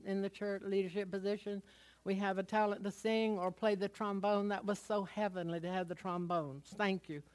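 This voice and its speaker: A middle-aged woman pastor preaching a sermon, moving from storytelling into loud exhortation. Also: medium pitch.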